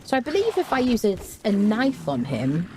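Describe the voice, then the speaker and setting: A woman streamer chats casually with her viewers as she plays, humming little tunes in between. Her voice sits low and mellow, with wide, lively swings in pitch. There is a faint hiss under the recording. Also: normal speed. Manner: chatty, hums tunelessly between remarks, reads and answers chat. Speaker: game streamer. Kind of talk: casual live-stream chat while playing.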